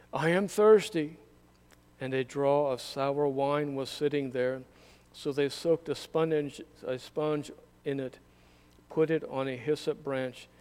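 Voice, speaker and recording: Brief: male scripture reader at a candle service, resonant and even, solemn. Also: mid-range voice, smooth. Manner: measured, solemn reading.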